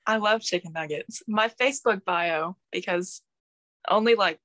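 A young woman guests on a podcast, chatting easily and giggling now and then. She speaks into a phone held close to her face, and her voice comes across dry, with no room echo. Her pitch sits in the middle for a woman. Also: a little slow, fairly bright tone. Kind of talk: casual podcast chat.

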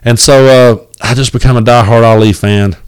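A man's voice: medium pitch, steady tone, normal speed, smooth, no echo. A man in his forties with an East Tennessee accent, hosting a solo podcast from his kitchen table at home. He rambles in a folksy way, with many fillers and some cussing. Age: 40s. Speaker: podcast host. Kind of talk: casual solo podcast monologue. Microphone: home recording setup.

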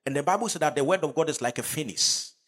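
A man's voice: fairly high pitch, quick pace, a bit bright. A man preaching a fervent sermon, calling out to the congregation for responses. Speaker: pastor.

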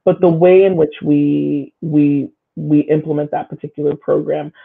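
A woman's voice: low-pitched, little pitch movement, moderate pace, creaky, slightly rough. A woman guest talking through community issues in a thoughtful, searching way, with plenty of fillers and restarts. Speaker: guest, local official and school staff. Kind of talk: casual conversation. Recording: phone-line quality.

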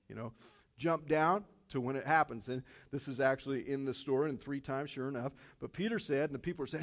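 Gravelly, animated male preacher. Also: mid-range voice, a little fast. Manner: animated, acts out dialogue, frequent restarts. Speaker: pastor. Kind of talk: sermon.

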